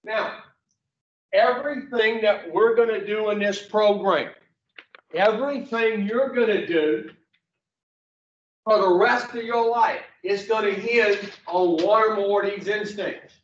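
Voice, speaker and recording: A blunt man lectures a class in slow, folksy stories, joking and cursing as he goes. His voice is fairly high. He is heard from a distance in an echoey room on a dull, muffled recording. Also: a little hiss or hum. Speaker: recovery program instructor. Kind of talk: folksy storytelling lesson.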